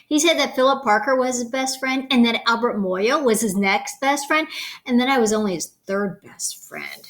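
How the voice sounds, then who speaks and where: A woman reading a children's picture book aloud, expressive and playful, stopping to comment on the pictures. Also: medium pitch, brisk. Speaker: storybook reader.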